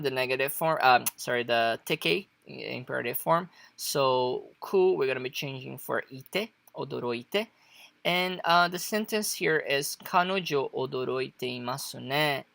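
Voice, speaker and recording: Chatty woman teaching Japanese, bright gravelly voice. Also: low-pitched, expressive, measured pace, no room sound. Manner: chatty, full of fillers, laughs often. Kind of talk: casual online language lesson.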